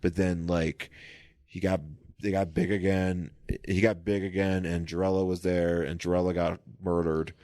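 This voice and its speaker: A man's voice: low voice, little pitch movement, moderate pace, a little mellow, no echo, clean studio sound. A man co-hosting a podcast, chatting casually about comics in a rambling, sweary way. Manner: rambling, many restarts, sweary. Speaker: podcast co-host.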